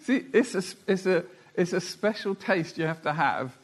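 A man preaching a sermon, who talks slowly and deliberately and reads scripture aloud. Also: high voice, animated.

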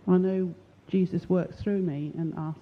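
A woman's voice: on the low side, fairly even intonation, measured pace. Woman from England, candid musing group member, tinny phone-line audio with light hiss. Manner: candid, musing, asks rhetorical questions. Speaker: Bible study participant. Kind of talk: group discussion.

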